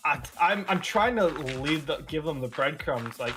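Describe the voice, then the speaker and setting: A man's voice: on the high side, animated, moderate pace, few pauses, over music. A young man from Wisconsin chatting casually while gaming on stream, telling rambling stories, acting out quotes and swearing freely. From Wisconsin, USA.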